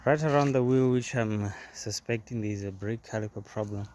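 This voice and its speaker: A man hosting a casual car repair video, explaining step by step in a halting way and repeating words as he works on a jacked-up car. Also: lowish voice, a little mellow, slight background noise. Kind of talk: casual how-to demonstration.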